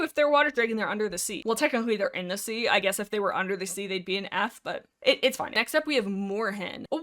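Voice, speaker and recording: A woman's voice: medium pitch, fairly bright tone. Playful woman doing comic commentary. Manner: playful, theatrical, quick jokey asides. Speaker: video creator. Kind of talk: casual comedic commentary.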